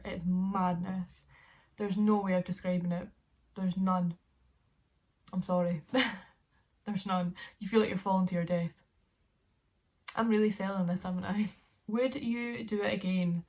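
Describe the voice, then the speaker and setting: Young woman, twenties, vlogger; casual, rambling, giggly storytelling at a mid pitch. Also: a little mellow. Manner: chatty, rambling, laughs often.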